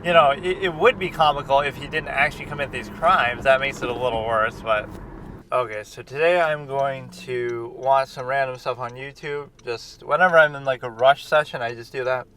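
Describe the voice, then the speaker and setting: A man's voice: medium pitch, normal speed, pushed and bright. A man in a casual reaction chat as a film critic, rambling and conversational, with lots of fillers and restarts. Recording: distant mic with street traffic noise.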